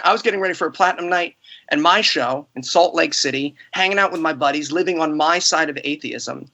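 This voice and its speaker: Male podcast host in a heated debate, impassioned, bright and slightly husky. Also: a little high. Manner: impassioned, emotional, indignant.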